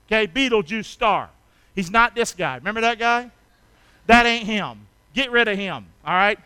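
A man preaching a sermon as pastor, animated and calling on the congregation to respond, swinging from hushed intimacy to loud shouts. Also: sits high, normal speed, pauses often, smooth, dry recording. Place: church.

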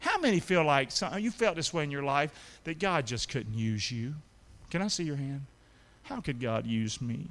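A middle-aged man preaching a sermon as pastor, calling out questions to his congregation and rising to shouts. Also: on the high side, expressive, moderate pace. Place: church sanctuary. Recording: long hall reverb.

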